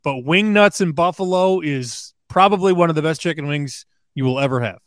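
A man's voice: on the high side, normal speed, dry recording, clean studio sound. A man appearing as a sports betting analyst guest on a radio show, talking in a conversational, storytelling way. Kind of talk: radio interview.

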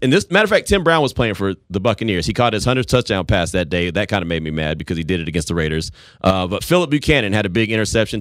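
A man in his forties hosting a casual sports talk show, telling stories with animated voices. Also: lowish voice, dry recording, studio quality. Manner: animated storytelling, acts out voices.

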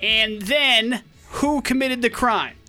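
A man's voice: very high-pitched, takes it slowly, faint music behind. A young man hosting a morning radio show, joking with his co-host and running a call-in contest. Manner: energetic, joking, talks listeners through a contest. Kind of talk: casual radio banter.

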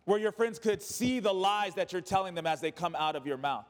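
Male pastor, high voice, emphatic repetitive preaching with casual asides, long hall reverb. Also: expressive, fairly quick. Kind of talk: sermon.

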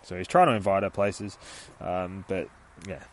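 A low-pitched man at normal speed retells a comic story in casual speech, swearing constantly and acting out the scenes with voices.

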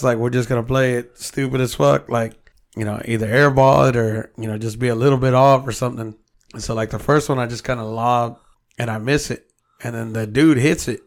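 A man in casual podcast chat, storytelling at length with plenty of swearing. His voice sits at an ordinary middle pitch, and he acts out what people said. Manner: storytelling, heavy swearing, quotes himself. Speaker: podcast co-host.

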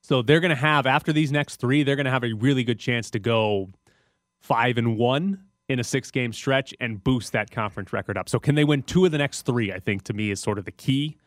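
A man's voice: mid-range voice, brisk, dry recording, clean studio sound. A man hosting a sports talk radio show, breaking down games in a casual, chatty way. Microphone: studio microphone.

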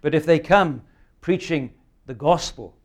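Earnest man preaching, slightly high voice. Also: measured pace. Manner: earnest, emphatic preaching with rhetorical questions. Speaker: pastor. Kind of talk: sermon.

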